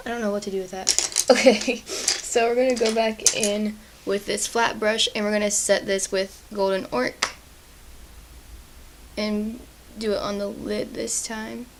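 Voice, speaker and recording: Young woman beauty vlogger, chatty and apologetic, vocal fry, mid pitch. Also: level tone, a little slow, pauses often, noisy background. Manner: chatty, self-deprecating, apologetic. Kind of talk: casual makeup tutorial chat.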